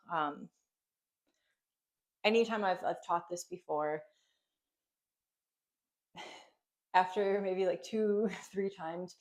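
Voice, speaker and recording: Chatty woman yoga teacher. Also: fairly low pitch. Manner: chatty, with many ums and likes, laughing lightly. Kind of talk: casual spoken yoga class instruction.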